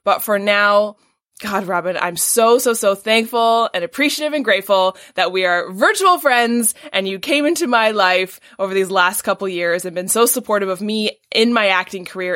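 A woman's voice: medium pitch, a bit bright, no echo, clean studio sound. A woman hosting an interview podcast, introducing her guest with effusive praise. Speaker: podcast host.

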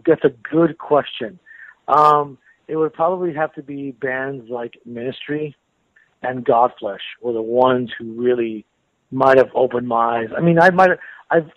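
A man, a metal guitarist, talking in a relaxed, rambling way in a casual interview, with restarts and soft laughs. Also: mid-range voice, no echo. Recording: tinny phone line.

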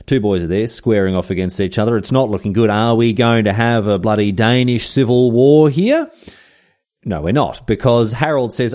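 A man's voice: fairly low pitch, normal speed, darkish tone. A man, hosting a podcast and telling history in a chatty, irreverent way full of slang asides. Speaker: podcast host. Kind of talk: casual history storytelling.

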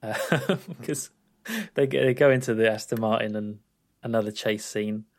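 A man co-hosting a film podcast in relaxed chat, thinking aloud with small hesitations. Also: on the low side, normal speed, vocal fry. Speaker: podcast co-host. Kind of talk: casual film-review chat.

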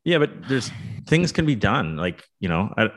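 A man's voice: lowish voice, very animated, moderate pace. A man co-hosting a casual hockey talk show, thinking aloud with many restarts and repeated words. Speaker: co-host, former pro hockey player and coach.

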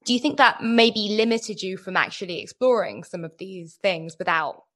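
A woman's voice: medium pitch, normal speed, fairly bright tone. A woman hosting an interview, asking long, thoughtful, winding questions in a conversational way. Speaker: podcast interviewer.

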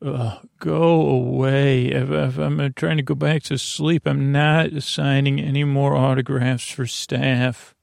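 A man's voice: mid-range voice, level tone, slow, creaky, hardly any pauses, darkish tone, no room sound, clean studio sound. A man voicing a pampered socialite woman prisoner who talks in a sleepy, fussy, rambling way. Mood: drowsy fussing.

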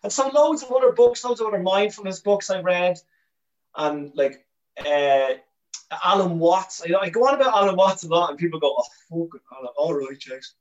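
An Irish man, a comedian guest on a podcast, telling candid stories with animated energy and frequent swearing. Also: sits high, moderate pace, muffled recording. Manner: animated storyteller, swears freely, restarts often.

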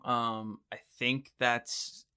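A man with a bright, forceful tone co-hosting a podcast in casual chat. He is easygoing and laughs often, and he wraps up the episode. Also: mid-range voice, flat delivery, drawn-out words, smooth. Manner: easygoing, laughs often, reads the show's outro. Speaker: podcast co-host.

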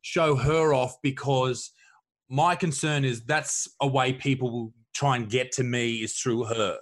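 A man hosting a podcast, asking questions in a thoughtful, somewhat halting way. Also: mid-range voice, steady tone. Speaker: podcast host. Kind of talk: casual interview chat.

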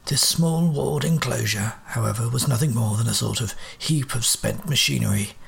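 A cool, sardonic detective with dry, clipped Victorian phrasing, as a man performs him in an audio drama. The voice is mid-pitched with a gravelly edge and steady delivery. He narrates his own adventures in measured, precise sentences. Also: exaggerated voice.

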